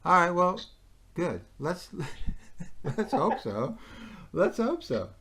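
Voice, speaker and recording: A man's voice: high-pitched, big pitch swings, takes it slowly, bright, forceful tone, husky. A man in a heated casual conversation, agitated and repetitive, firing rhetorical questions and laughing between points. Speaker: conversation partner.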